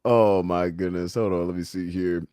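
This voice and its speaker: A man's voice: low voice, steady tone, normal speed, warm tone, clean tone, no echo, clean studio sound. A man from Washington, D.C. hosting a casual livestream, reading chat comments aloud and laughing often.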